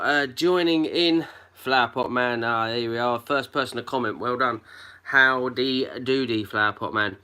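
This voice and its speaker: A man's voice: mid-range voice, bright, forceful tone. A man hosting a casual live stream from home on his phone, chatting and greeting viewers by name. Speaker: geocaching livestream host.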